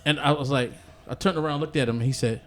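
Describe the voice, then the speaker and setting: A man's voice: medium pitch, quick pace. A man telling a funny story on a podcast in a casual chat, laughing often and stumbling over his words. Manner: animated storyteller, laughs often, stammers and restarts. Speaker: podcast host. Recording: noisy room ambience.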